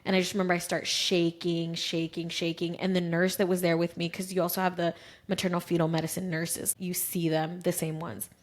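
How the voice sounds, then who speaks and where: A woman's voice: on the low side, brisk. A woman in her thirties co-hosting a podcast, telling a personal story in casual chat and acting out what people said. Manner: lively storyteller who acts out quoted voices. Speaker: podcast co-host.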